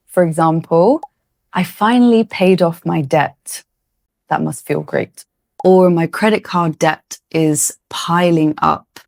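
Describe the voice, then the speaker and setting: A woman teacher walks learners through tricky words at an unhurried, deliberate pace, drawing out each word so it can be repeated. Her voice sits a little low, and the recording is dry and close, with no room sound. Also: darkish tone, no echo. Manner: slow, clear and encouraging, stretching out target words. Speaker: English pronunciation teacher. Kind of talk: scripted pronunciation lesson.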